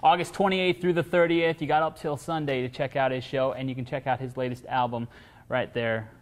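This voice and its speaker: A man's voice: mid-range voice, steady tone. A man hosting a local TV interview, asking questions and plugging the guest's show. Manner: brisk, upbeat promo wrap-ups. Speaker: TV news host, interviewer. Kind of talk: casual interview.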